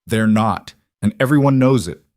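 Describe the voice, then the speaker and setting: A man's voice: on the low side, animated, normal speed, darkish tone, no room sound, clean studio sound. A man voicing a ruthless young male outlaw with a snarling, contemptuous way of talking, in a scripted story reading. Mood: menacing.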